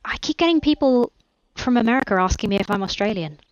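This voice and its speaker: A cheerful, soft-spoken woman chatting casually while playing a cozy game as a guest on a stream. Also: a little high, expressive, fast, dry recording. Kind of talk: casual co-op gaming chat. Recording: muffled lo-fi mic.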